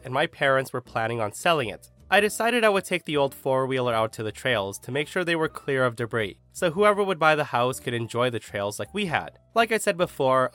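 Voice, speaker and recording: A man narrates a story with a lively, swinging pitch and dry, sarcastic asides. His voice sits mid-range for a man. Soft music plays faintly underneath. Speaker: narrator reading online stories.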